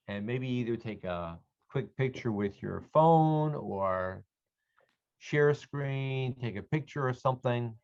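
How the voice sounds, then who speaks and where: A man teaching an online Hebrew reading lesson to adult learners, slowly and patiently sounding out words for them to repeat. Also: on the low side, smooth, dull audio.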